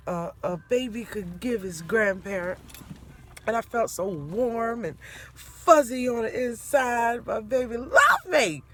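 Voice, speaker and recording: A middle-aged grandmother telling a family story to her viewers, animated and laughing as she goes. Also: medium pitch, slight background noise. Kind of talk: casual storytelling to camera.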